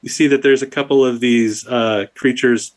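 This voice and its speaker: A man's voice: mid-range voice, normal speed. Man running a tabletop game. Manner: relaxed, filler-heavy description. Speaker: game master.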